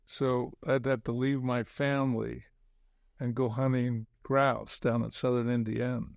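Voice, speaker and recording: Gravelly older man, halting interview talk. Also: mid-range voice, flat delivery, no echo. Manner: halting, many restarts and "you know". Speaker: podcast guest, former basketball coach. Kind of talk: casual interview chat.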